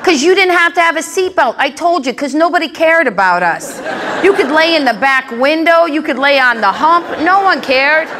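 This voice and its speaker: A woman's voice: high voice, lively intonation, normal speed. A middle-aged woman performing a stand-up comedy set, telling brash stories with punchy asides on a live stage. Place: comedy stage before a crowd. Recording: live club with loud audience. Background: audience laughter and crowd noise.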